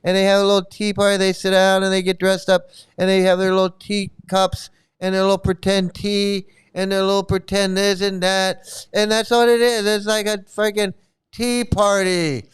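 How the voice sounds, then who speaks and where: A man's voice: high-pitched, level tone, moderate pace, clear, resonant tone. A man hosting a casual commentary video, ranting bluntly with exasperation, repeating himself and swearing freely. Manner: exasperated, repetitive, blunt and profane. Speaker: commentary channel host.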